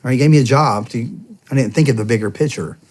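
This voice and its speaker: A man's voice: medium pitch, fast talker, a little mellow. A man in his thirties from the United States, a former soldier telling a long casual story in an interview, full of "I'm like" and quoted back-and-forth. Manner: rambling, heavy on "I'm like" and quoted dialogue. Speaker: podcast guest, former soldier and police officer.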